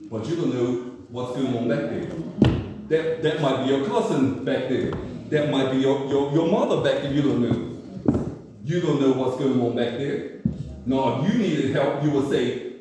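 A man's voice: mid-range voice, unhurried. A man preaching a sermon, asking the congregation questions and acting out everyday scenes. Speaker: pastor. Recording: echoey distant room mic with noise.

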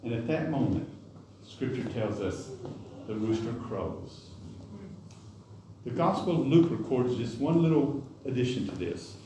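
A man's voice: mid-range voice, expressive, unhurried, long pauses, noisy background. A man preaching a sermon in a folksy, conversational way, with asides and self-corrections. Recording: echoey hall, distant mic.

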